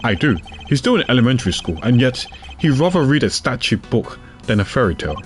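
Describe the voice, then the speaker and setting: A man voicing a gruff middle-aged male detective in a game, with a plain, steady delivery. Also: mid-range voice, fairly quick, slight background noise, natural voice.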